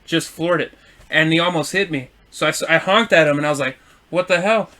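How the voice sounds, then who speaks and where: Profane, animated man telling stories. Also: on the high side, fast. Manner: profane, animated storytelling, shouts quoted insults. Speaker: podcast co-host. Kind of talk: casual storytelling chat.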